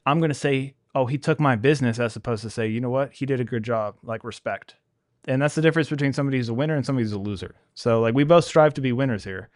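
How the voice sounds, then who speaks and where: Candid man with a smooth, dry voice. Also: medium pitch, racing, dry recording. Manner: candid, animated, acts out quoted people. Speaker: podcast host, pressure washing business owner. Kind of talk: casual podcast conversation.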